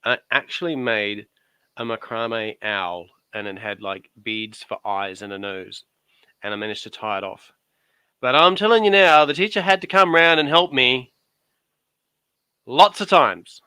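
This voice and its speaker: A man's voice: mid-range voice, expressive, a little slow, bright, forceful tone, clear, resonant tone, dry recording. A man chatting casually as a guest, telling rambling stories and cracking jokes. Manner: joking, rambling storyteller. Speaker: guest on his wife's craft channel. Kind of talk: casual chat.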